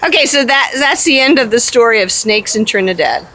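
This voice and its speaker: Lady interviewer throwing quick questions, noisy home recording. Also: fairly high pitch, lively intonation. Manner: brief prompting questions. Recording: home recording with noticeable background noise.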